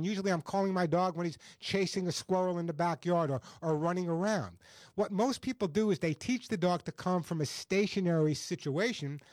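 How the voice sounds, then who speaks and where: A high-pitched man hosts a call-in radio show from a studio mic, with a dry, close sound. He talks fast and eagerly, sometimes stumbling over repeated words as he gives advice. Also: dry recording. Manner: fast, energetic, repeats words when excited. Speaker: radio pet show host and dog trainer. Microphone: studio microphone.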